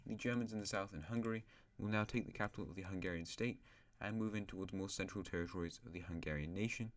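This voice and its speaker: A man's voice: low-pitched, fast. A male host casually narrating an alternate-history map, rambling with asides and correcting himself.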